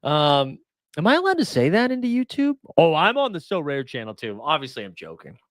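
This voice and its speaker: A man hosting a casual livestream, chatting and reading viewer comments, animated, swinging from mock outrage to mumbled asides. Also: fairly high pitch, fairly quick, no echo, clean studio sound. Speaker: livestream host.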